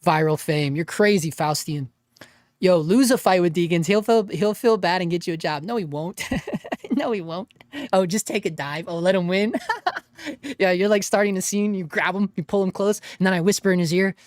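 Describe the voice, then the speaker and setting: A man's voice: high voice, lively intonation, moderate pace, dry recording, clean studio sound. Laid-back man chatting on a livestream. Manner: laid-back, laughs often, says dude and bro. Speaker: livestream host reading chat. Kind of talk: casual live chat.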